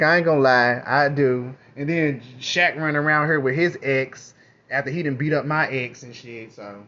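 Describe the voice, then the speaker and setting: A man's voice: mid-range voice, fairly bright tone. Rambling profane man, muffled. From Kentucky, USA. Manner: candid, profane, rambling storyteller. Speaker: vlogger. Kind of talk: casual rambling monologue. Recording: muffled lo-fi audio.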